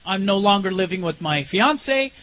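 A man telling an emotional personal testimony in an earnest, halting way, his voice dropping low and soft at the most intense moments. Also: expressive, rough recording. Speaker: speaker sharing a personal testimony.

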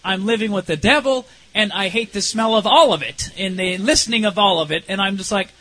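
High-voiced man giving an earnest testimony. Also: rough recording. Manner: earnest, halting storytelling that drops low and soft at intense moments. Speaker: speaker sharing a personal testimony. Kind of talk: emotional personal testimony.

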